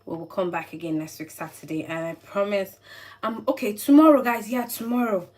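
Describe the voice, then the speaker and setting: A woman's voice: medium pitch, fairly even intonation, brisk, darkish tone. A woman with a Nigerian accent, tired, chatting earnestly while chopping vegetables in a casual cooking vlog. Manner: chatty, earnest, advice-giving, wordy and repetitive. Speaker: cooking vlogger. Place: home kitchen. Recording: distant mic, faint background noise.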